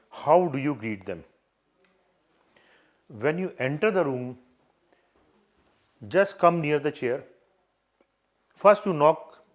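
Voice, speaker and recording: Older Indian man coaching interview manners. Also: fairly high pitch. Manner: earnest, repetitive advice with demonstrations. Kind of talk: live coaching session.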